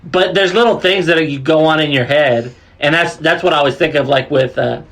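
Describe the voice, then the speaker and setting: A man's voice: on the high side, fairly quick, fairly bright tone. A young man co-hosting a crude, casual podcast, rambling with lots of fillers and laughing at his own jokes. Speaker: podcast co-host.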